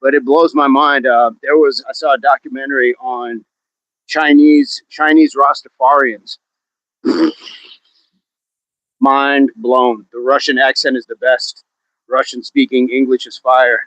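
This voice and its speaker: A man's voice: mid-range voice, level tone, a little slow, long pauses, a bit bright, no room sound. Male fitness streamer, upbeat and jokey, reading chat aloud mid-workout; dry, muffled recording. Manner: upbeat, reads viewer comments aloud and jokes about accents. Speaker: livestream fitness host. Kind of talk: casual livestream chat while exercising. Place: outdoors in wind.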